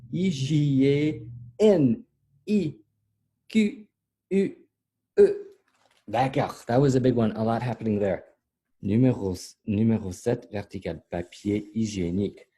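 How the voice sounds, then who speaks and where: A man's voice: fairly low pitch, unhurried, warm tone, slightly rough. A middle-aged man teaching a French lesson, spelling words out letter by letter and mixing French with English in a patient way. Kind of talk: slow spelled-out language lesson.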